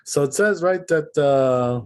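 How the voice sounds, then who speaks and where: A man's voice: a little high, slow, clean tone. A man, a rabbi, giving an informal religious lesson, explaining as he goes and repeatedly checking in with "right?" and "you know?". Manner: demonstrates pronunciation aloud. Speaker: rabbi teaching a class.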